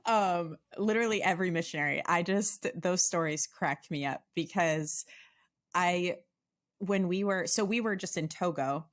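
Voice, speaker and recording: A woman's voice: lowish voice, normal speed. Chatty middle-aged woman podcast host. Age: 40s. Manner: chatty, laughs often, many "like" fillers. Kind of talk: casual interview chat.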